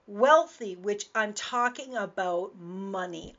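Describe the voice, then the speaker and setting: A woman's voice: a little high, a little slow, fairly bright tone. A woman host and business coach talking in a casual radio monologue, stressing points by repeating words. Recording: dull lo-fi audio.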